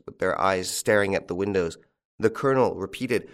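A man narrating a classic detective story in an audiobook, in a measured, unhurried storytelling manner. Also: fairly low pitch. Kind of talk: scripted narration.

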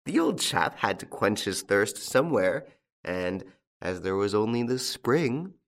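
A composed gentleman near forty, as a male narrator voices him, calm and measured with a quiet amusement. His lowish voice moves with lively shifts of pitch, like a storybook detective.

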